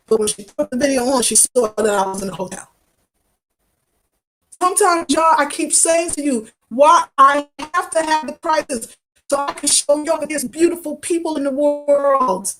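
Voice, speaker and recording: With slight background noise behind her, a fifty-something travel vlogger speaks at a moderate pace in a high voice. Her stream to viewers is casual and fervent, full of repetition and back-and-forth in loose Black American vernacular.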